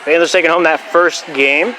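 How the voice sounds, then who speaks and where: A young man doing volleyball play-by-play in a school gym, calling the plays fast and dropping jokey, rambling asides, a bit out of breath. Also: a little high, fairly even intonation, a faint crowd. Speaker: play-by-play announcer. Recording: loud gym ambience.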